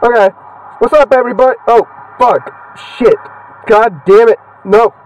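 A young man giving casual, swear-filled commentary while playing a video game, excitable and heckling the characters on screen. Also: very high voice, moderate pace, recorded from a distance, poor audio. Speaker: gaming channel host.

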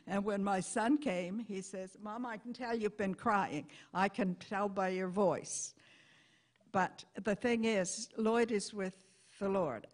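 An older woman giving a personal testimony in church, folksy and heartfelt, with halting restarts. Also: medium pitch.

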